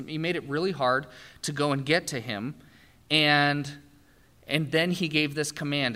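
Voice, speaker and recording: A man's voice: on the high side, sharp tone. A man preaching a sermon, telling the story with animation and acting out the quoted speech. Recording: long hall reverb.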